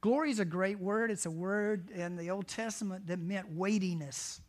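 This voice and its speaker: A pastor preaching a sermon, earnest and conversational, often asking the congregation direct questions. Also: male voice, high voice, normal speed, darkish tone.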